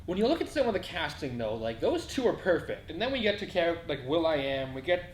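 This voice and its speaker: Guy ranting about a movie real fast, lively pitch, echoey room with a low rumble. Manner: animated, ranting, playful. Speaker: movie reviewer host. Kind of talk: casual chat.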